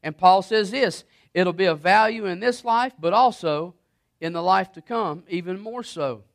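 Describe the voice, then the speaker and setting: A man's voice: high voice, moderate pace. A man preaching a sermon, reading scripture and retelling Bible stories, often repeating words as he builds momentum. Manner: animated, repeats words and restarts, quotes scripture.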